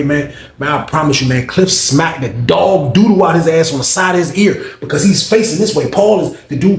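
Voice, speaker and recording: A man telling a story to his audience in casual slang and curses, acting out other people's voices as he goes. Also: fairly high pitch. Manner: animated, acts out others' voices, heavy slang and cursing. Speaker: storyteller recounting his prison days. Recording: roomy echo.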